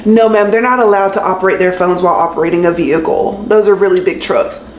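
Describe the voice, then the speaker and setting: Woman mimicking a flustered high-voiced phone agent. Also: very animated, a little fast, echoey room, a little hiss or hum. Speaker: customer service agent.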